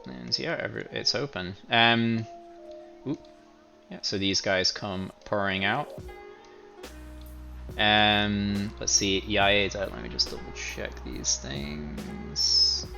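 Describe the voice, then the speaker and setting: A man's voice: lowish voice, expressive, slow pace, vocal fry, pushed and bright. A man narrating a tabletop game as game master, easygoing and full of fillers, over background music.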